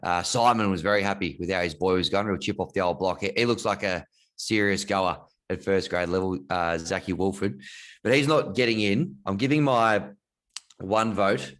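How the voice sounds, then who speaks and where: An Australian man co-hosting a casual sports podcast, easygoing and chatty, quick to laugh. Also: deep voice, a bit bright. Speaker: podcast co-host. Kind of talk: casual chat.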